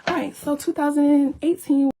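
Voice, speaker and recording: A woman's voice: high-pitched, fairly even intonation, normal speed, warm tone. A woman talking casually to her viewers on a live stream, showing documents and teasing.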